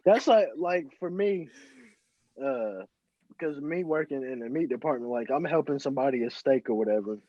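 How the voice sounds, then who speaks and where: A young man, ranting in slangy, animated casual chat as a podcast co-host. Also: mid-range voice, normal speed, dry recording, lo-fi sound.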